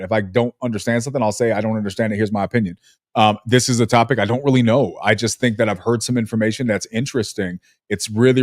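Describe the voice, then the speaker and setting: A man's voice: on the low side, a little mellow, no room sound. Chatty male podcast host, dry sound. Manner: rambling, self-aware, hedging. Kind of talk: casual podcast chat.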